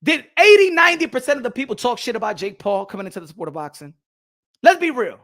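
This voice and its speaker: A man ranting in a loud, profane, mocking commentary on boxing, now and then switching into Spanish phrases. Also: very high voice, sing-song, fast talker.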